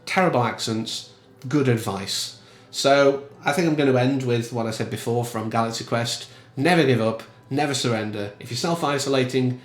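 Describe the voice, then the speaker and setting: A man gives casual film commentary in a chatty, animated and emphatic manner. His voice is mid-pitched. The room around him has a noticeable echo. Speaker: film reviewer.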